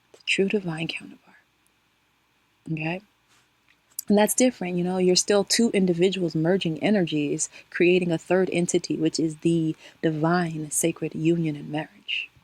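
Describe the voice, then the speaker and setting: Here a fairly low-pitched woman tells a personal story on the spiritual channel she hosts, laughing often and calling her audience y'all. Her manner is casual and expressive, with no room sound.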